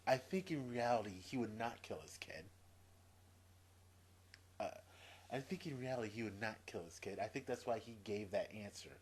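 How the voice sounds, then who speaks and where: A man's voice: moderate pace, husky. A man venting to camera in a profane opinion rant, exasperated and repeating his points. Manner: exasperated, profane, repeats himself, swings from low mutter to loud. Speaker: video blogger.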